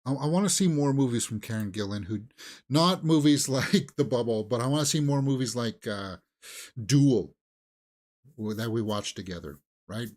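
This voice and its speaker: A man co-hosting a movie talk show, chatting casually and thinking aloud with halting restarts. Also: mid-range voice, a little mellow. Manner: musing, halting, with fillers and restarts. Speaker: movie news co-host. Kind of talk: casual chat.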